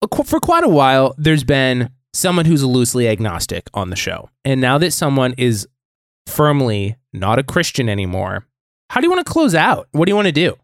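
An upbeat man chats on a podcast, supportive and quick to laugh, with plenty of "like" fillers. His pitch is ordinary and middling. The sound is dry and close to the mic. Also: wildly swooping pitch, no echo. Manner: upbeat, supportive, laughs often, says "like" a lot. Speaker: podcast co-host. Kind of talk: casual chat.

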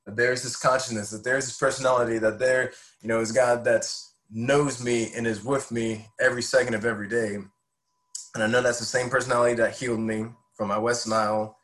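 A man's voice: mid-range voice, level tone, fairly quick, a bit bright, rough recording. Man in his 20s, podcast guest; sincere, heartfelt telling of a personal spiritual story. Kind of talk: personal faith testimony.

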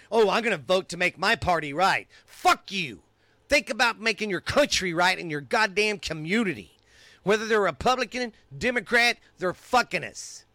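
A fired-up, middle-aged Texan man rants into the mic, swearing freely and getting more heated as he goes. His voice is bright and forceful, a little higher than most men's, and the sound is dry and close. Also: no room sound. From United States. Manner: angry, profane, heated. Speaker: podcast host. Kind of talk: ranting monologue.

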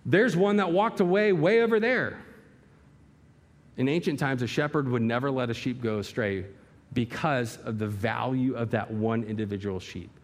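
A man's voice: medium pitch, moderate pace. A male pastor preaching a sermon in a church hall, emphatic and full of rhetorical questions and vivid illustration.

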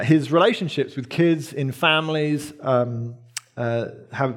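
A man in his thirties preaching a sermon as pastor, earnest and emphatic, repeating key phrases. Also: mid-range voice.

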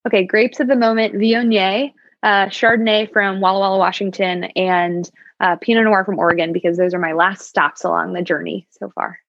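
A woman's voice: mid-range voice, fairly even intonation, normal speed, no room sound. A woman sommelier chatting as a podcast guest, upbeat with wry asides. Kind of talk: casual podcast interview. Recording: dull, slightly lo-fi dry sound.

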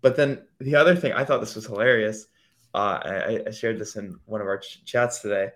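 A man with a fairly low voice talks at a normal speed as a podcast co-host in casual chat. He rambles with many fillers and puts on mocking voices whenever he quotes other people.

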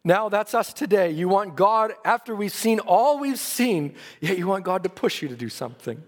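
Man preacher, high voice, earnest sermon delivery, long church-hall reverb. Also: expressive, moderate pace. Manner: earnest preaching, rising and falling in emphasis.

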